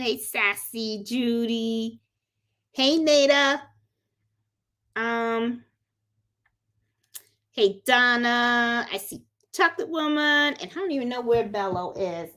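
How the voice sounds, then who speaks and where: A middle-aged Puerto Rican woman hosts a casual crafting livestream from home, chatting and greeting viewers one by one. Her voice is fairly high-pitched with a sharp tone.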